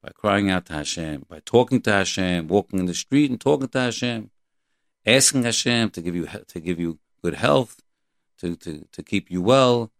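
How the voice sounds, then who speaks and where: A man teaching a Torah class, quoting Hebrew verses and translating them, in a halting, repetitive but earnest and emphatic way. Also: deep voice, expressive, dry recording, clean studio sound.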